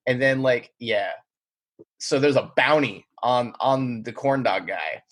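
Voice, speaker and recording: A man's voice: medium pitch, takes it slowly, fairly bright tone. A man co-hosting a podcast in a casual chat, laid-back and telling work stories. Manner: laid-back, acts out quotes in bursts. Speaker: podcast co-host.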